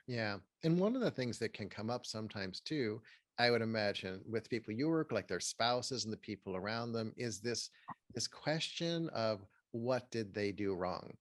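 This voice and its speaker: A man, a therapist and author, giving earnest, measured advice as an interview guest. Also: on the low side, animated, dry recording. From Pasadena, California.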